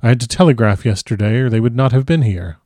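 A man voicing an old foreign professor who speaks grave, broken formal English in a measured way. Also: medium pitch, mellow, dry recording, clean studio sound, close to an everyday voice. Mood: gentle. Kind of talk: audiobook character reading.

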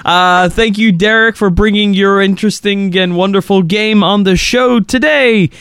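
A man's voice: high voice, fairly even intonation, moderate pace, fairly bright tone, clean tone, no echo, studio quality. A male podcast host wrapping up the episode in a chatty, laughing way. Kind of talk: casual podcast wrap-up.

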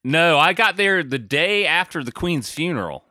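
Clean studio audio with no echo captures a slightly high male voice with lively intonation at normal speed, pushed and bright. He's an American podcast co-host chatting casually, rambling, self-mocking, and heavy on fillers.

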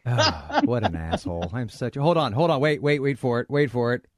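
A man's voice: mid-range voice, expressive, fairly quick. A man hosting a podcast in casual chat, joking and rambling with frequent laughs. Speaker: podcast host.

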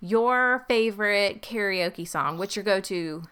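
Southern gal cohosting a podcast, bright crisp voice, chatty and giggly. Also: female voice, medium pitch, takes it slowly. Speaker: podcast co-host. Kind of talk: casual podcast chat.

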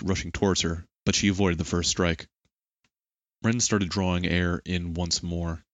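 A man with a very deep voice narrates an action scene in steady, measured audiobook style. The recording is dry and close, with no room sound. He keeps an even storytelling pace. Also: no room sound.

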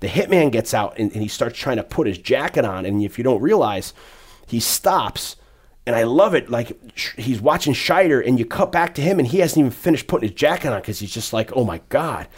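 A man in casual podcast chat, retelling a film scene by scene in a rambling, animated way with many fillers. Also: mid-range voice, fairly quick, breathy edge.

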